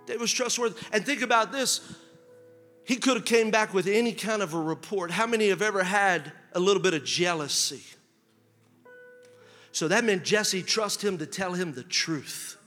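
A man preaching a sermon as pastor, asking rhetorical questions and building to shouted emphasis. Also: high-pitched, moderate pace, long pauses, in a large hall, soft background music.

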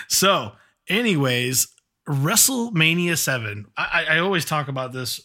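A man co-hosting a podcast, chatting casually with friendly banter and quick laughs. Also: a little high, lively intonation, sharp tone. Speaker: podcast co-host. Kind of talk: casual chat.

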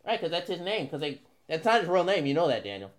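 High-voiced man in teasing banter. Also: big pitch swings, fast talker. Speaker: co-host. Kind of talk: casual banter.

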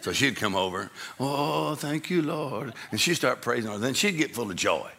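Gravelly man telling a comic story. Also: fast talker, crowd noise. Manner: animated, acts out people with sudden high shouts. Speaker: comedian. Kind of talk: stand-up comedy storytelling.

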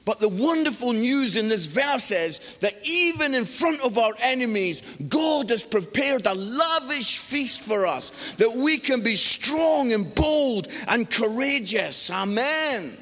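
Male preacher, high and lively, animated sermon delivery, long hall reverb. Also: slow pace, few pauses. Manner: animated, exclamatory, mimics voices in stories. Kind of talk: sermon with storytelling.

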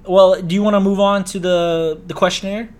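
Podcast host: man, somewhat high voice, laid-back, laughs easily, casual swearing. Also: little pitch movement, moderate pace. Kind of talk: casual chat.

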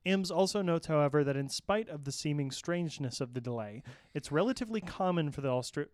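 Male podcast host, smooth tone, slightly high voice, steady news read with asides. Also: no room sound, clean studio sound. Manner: reads items steadily, with small restarts and asides. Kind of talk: podcast news rundown with banter.

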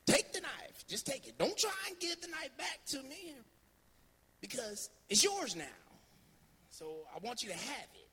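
A man playing his older Southern grandfather with a high-pitched twang, giving a folksy warning. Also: unhurried, full character voice. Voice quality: high-pitched, voice rising when excited. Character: older Southern grandfather, fisherman, stern and fond.

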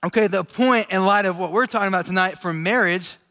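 High-voiced man preaching in an echoey hall. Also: brisk. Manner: relaxed, chatty, laughs easily. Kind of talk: casual conversational sermon. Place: large room with an audience. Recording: echoey hall with long reverb.

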